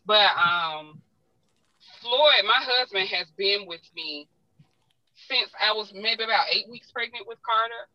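Talkative Southern woman, bright tone. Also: mid-range voice, measured pace, no room sound, highs cut off. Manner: talkative, heartfelt, self-described talker. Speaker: guest. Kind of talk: emotional personal storytelling.

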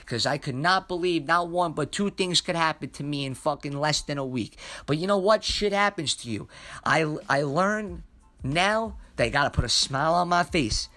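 A man's voice: a little high, expressive, normal speed, bright, forceful tone. A young man hosting a podcast, telling a story in a rambling, profane, emphatic way. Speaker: podcast host. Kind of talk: casual storytelling monologue.

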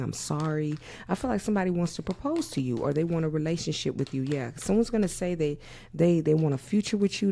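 Gravelly woman musing through a tarot reading. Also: sits low, warm tone. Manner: musing, repeats "yeah", casual swearing. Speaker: tarot reader.

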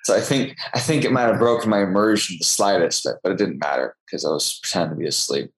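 A man's voice: sits low, fast, poor audio. A young man from Texas, an actor, telling stories in a casual interview with a chatty, self-deprecating manner. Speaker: guest actor.

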